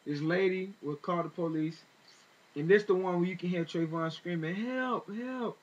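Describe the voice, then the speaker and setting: A male vlogger with a fairly high, slightly mellow voice rambles through a retelling of events in casual spoken commentary, packed with fillers and restarts, at normal speed and with fairly even intonation. His tone grows indignant as he continues. The recording sounds dull and lo-fi.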